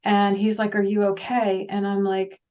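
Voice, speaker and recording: A woman speaks as a guest, telling her story in a rambling, animated way and slipping into the voices of the people she quotes. Her voice sits at a middle pitch and sounds set back from the mic. The sound is dull and lo-fi. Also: moderate pace, distant mic. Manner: animated, rambling, often acts out quoted dialogue. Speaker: guest, intuitive practitioner. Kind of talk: casual personal storytelling.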